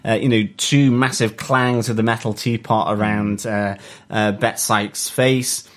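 A man's voice: on the low side, steady tone, a little slow, a bit bright. Hesitant man chatting, lots of ums. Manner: hesitant, many ums and uhs. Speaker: podcast co-host. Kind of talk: casual chat reviewing a TV episode.

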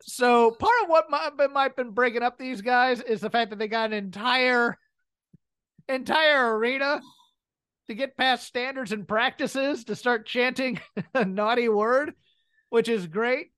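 A woman's voice: a little high, measured pace, fairly bright tone, clear, resonant tone, no echo. A woman co-hosting a podcast, chatting casually about wrestling comedy and laughing often as she breaks scenes down. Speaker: podcast co-host. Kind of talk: casual wrestling commentary chat.

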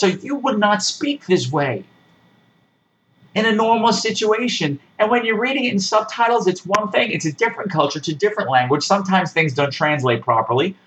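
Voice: mid-range voice, fairly bright tone, low-quality recording. A podcast host giving a sarcastic, exasperated rant while reviewing a horror movie, swearing freely. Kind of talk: casual ranting movie review.

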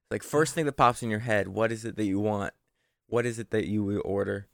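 A man's voice: fairly low pitch, fast talker, vocal fry, no echo, studio quality. A young man telling rambling stories in a casual podcast chat, swearing freely. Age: young adult. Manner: rambling, animated storyteller who swears freely.

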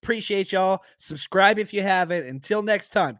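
A man hosting a podcast in a casual, rambling chat, his voice hoarse and worn out. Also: sits high, moderate pace, fairly bright tone, dry recording, studio quality. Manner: rambling, chatty, searches aloud for names. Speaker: podcast host. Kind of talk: casual live-stream chat.

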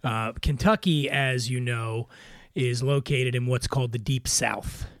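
A man from Philadelphia hosting a podcast, a little weary, delivering a wry scripted comic monologue in a deadpan way. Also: medium pitch, unhurried, dry recording, clean studio sound. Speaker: podcast host.

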